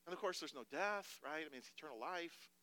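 A man, a pastor, preaching a sermon emphatically, moving between hushed passages and loud declarations. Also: a little high, animated, fairly quick, no room sound.

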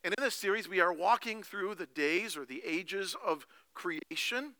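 A male pastor giving a sermon with animated storytelling and slow, emphatic phrases. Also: high-pitched, dry recording.

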